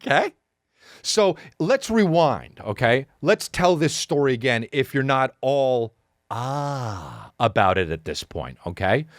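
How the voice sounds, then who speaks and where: A man's voice: medium pitch, takes it slowly, dry recording. Guy in his 30s ranting a funny story, lots of swearing, voice jumps all over, dry close mic. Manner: profane, animated, repetitive rant; acts out sounds and quotes. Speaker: podcast host. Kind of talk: comedic storytelling.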